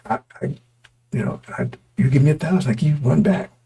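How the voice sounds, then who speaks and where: A male preacher with a gravelly, raspy voice that is wearing hoarse. He talks in stop-start, repeating bursts and keeps throwing rhetorical questions at his congregation. His tone sits dark and mellow, on the high side for a man. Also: fairly quick. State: voice going hoarse. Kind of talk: street-style sermon to a congregation.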